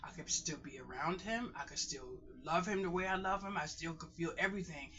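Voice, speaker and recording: A woman's voice: lowish voice, a little fast, muffled recording, background noise. A middle-aged woman in pain, giving emphatic, repetitive life advice to her viewers in a casual vlog monologue. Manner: emphatic, repeats phrases, calls viewers "boys and girls" and "honey". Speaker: vlogger.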